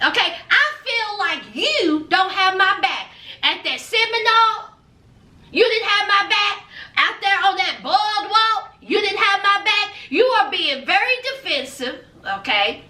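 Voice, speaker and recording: A woman's voice: very high-pitched, expressive, measured pace, pushed and bright, echoey room, full character voice. A woman voicing an angry, defensive grown man who complains indignantly.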